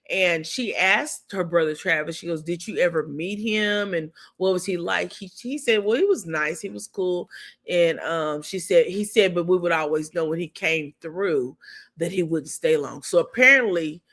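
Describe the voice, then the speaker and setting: A woman's voice: on the low side, fairly bright tone. A woman reviewing a reality TV episode in a casual recap, talking loosely with frequent fillers and restarts.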